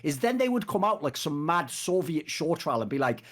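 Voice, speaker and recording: A man's voice: fairly high pitch, very animated, normal speed, a bit bright. A man co-hosting a casual esports podcast, telling stories animatedly with impressions and swearing. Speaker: podcast co-host.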